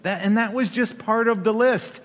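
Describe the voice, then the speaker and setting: A man preaching a sermon as pastor, animated, with playful asides and acted-out quoted voices. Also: high voice, moderate pace, big-room sound.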